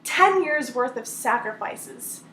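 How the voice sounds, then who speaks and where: A woman retelling a story on a team call, talking in an animated way and acting out the voices of the people in it. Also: sits high, takes it slowly, reverberant, slight background noise.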